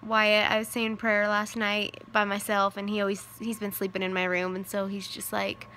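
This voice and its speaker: A woman's voice: mid-range voice, completely flat delivery, moderate pace, pushed and bright, a little hiss or hum. A woman in her thirties, a widowed mother, telling a personal story in a casual, rambling way, full of "like" and "you know".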